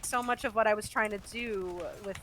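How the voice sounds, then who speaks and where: A woman voice actor appears as a guest in a casual interview chat while gaming, laughing often and giving long, flowing explanations. Her mid-range voice keeps fairly even intonation at a normal speed, with faint background noise behind it.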